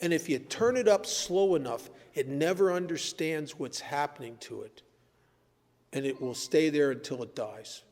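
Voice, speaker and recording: An older man with a fairly high voice talks earnestly to a meeting, blunt and storytelling, jumping up in pitch when he drives a point home. His words trail off into the long reverb of a large hall. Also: normal speed, darkish tone. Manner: earnest, blunt, storytelling with sudden emphatic rises. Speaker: speaker at a recovery meeting. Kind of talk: personal recovery talk. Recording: echoey hall.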